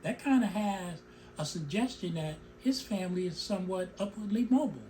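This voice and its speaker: A man's voice: sits high, brisk, a little mellow, a little hiss or hum. A middle-aged man hosting his own show, giving an emotional, opinionated commentary that breaks off into asides about his own speech. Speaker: show host.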